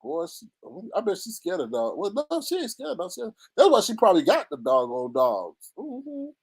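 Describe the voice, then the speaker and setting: Animated gossiping livestream man. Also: sits high, normal speed, breathy edge. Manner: animated, dramatic, laughs a lot. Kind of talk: casual gossip commentary reading chat.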